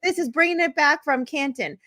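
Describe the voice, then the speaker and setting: Woman co-host, high voice, dry sound, plain questions. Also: fairly quick, pushed and bright, no echo. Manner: asks questions plainly, reads chat. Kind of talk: casual chat.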